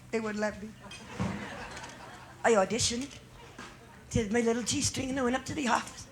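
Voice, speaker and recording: A woman's voice: a little high, a little slow, long pauses, a little hiss or hum. A middle-aged woman comedian doing a bawdy live stand-up routine on a nightclub stage, teasing the audience with brassy banter.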